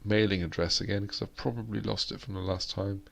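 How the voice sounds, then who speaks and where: A man's voice: on the low side, steady tone, fairly quick, creaky, fairly bright tone. A British man hosting a live-stream chat, rambling along with plenty of fillers and restarts. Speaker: host.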